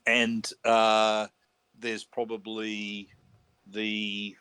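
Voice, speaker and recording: A man's voice: on the low side, completely flat delivery, drawn-out words, sharp tone, clear, resonant tone, dry recording. An Australian man co-hosting a podcast, thinking aloud in a hesitant way with frequent restarts. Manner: thoughtful, hesitant, lots of restarts. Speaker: podcast co-host. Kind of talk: casual chat.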